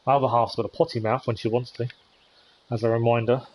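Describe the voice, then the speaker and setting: A man's voice: mid-range voice, little pitch movement, fast talker, a little mellow. A man streaming a game live, chatting casually with viewers in a hesitant way with many ums. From United Kingdom. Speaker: gaming streamer.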